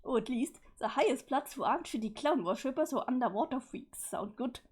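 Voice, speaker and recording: A smug, scheming young female troll, voiced by a woman. She teases and mocks sarcastically in a slightly raised, husky voice. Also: high-pitched, animated, a little fast.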